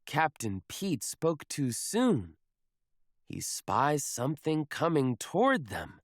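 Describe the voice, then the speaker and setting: A man reading a children's picture book aloud in a slow, expressive storybook manner. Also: fairly high pitch, no room sound, clean studio sound.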